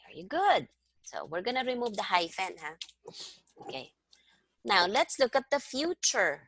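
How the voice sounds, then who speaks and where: A woman's voice: medium pitch, very animated, measured pace, a bit bright, slight background noise. A woman teaching a one-on-one language lesson over a video call, patiently explaining step by step and prompting her student. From Philippines. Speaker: language tutor.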